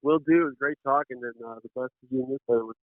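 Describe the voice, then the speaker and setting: A man's voice: medium pitch, racing, no echo. A male caller chatting casually with the host over the phone, an easygoing, enthusiastic fan. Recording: tinny phone line.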